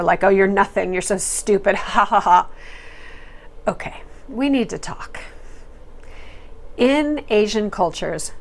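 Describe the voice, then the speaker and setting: A woman hosting a reality TV recap, talking in a chatty, opinionated way with fillers and quoted asides. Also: medium pitch. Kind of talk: casual commentary.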